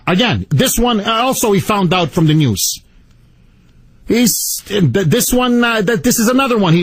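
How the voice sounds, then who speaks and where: A man's voice: high voice, animated, normal speed, no echo. A man hosting a talk radio show, ranting in a combative, sarcastic way into a studio microphone. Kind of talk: political talk radio monologue.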